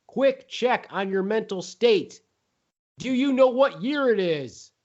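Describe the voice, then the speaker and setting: A man's voice: high-pitched, animated, takes it slowly. A man doing a ranting, foul-mouthed mock president. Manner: ranting, mocking and profane. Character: blustering, insulting mock president. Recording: dull lo-fi podcast audio.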